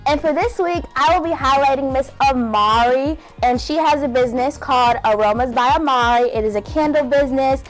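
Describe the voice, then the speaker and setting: A young woman hosting a casual chat, bubbly and excited, laughing often. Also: high voice, brisk, few pauses, faint music behind, poor audio. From Louisville, Kentucky. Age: young adult. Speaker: host.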